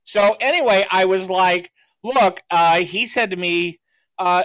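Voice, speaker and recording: A man's voice: high-pitched, unhurried, fairly bright tone, no room sound. Rambling, laughing male podcast host. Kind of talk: casual chat.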